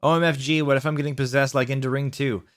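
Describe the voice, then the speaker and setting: A man voicing an overdramatic goth teenage girl in a high, whiny voice for a comic reading. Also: little pitch movement, fast talker, no echo, clean studio sound, close to an everyday voice. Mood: dramatic. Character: goth teen girl heroine, dramatic and whiny.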